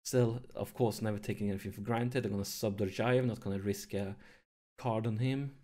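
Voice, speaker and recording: A man hosting a let's play, commentating his football management game, nervous and excited, keeping his voice down at home late in the evening. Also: lowish voice. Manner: excitable, nervous, talks to viewers; deliberately holds his voice down to avoid waking neighbors.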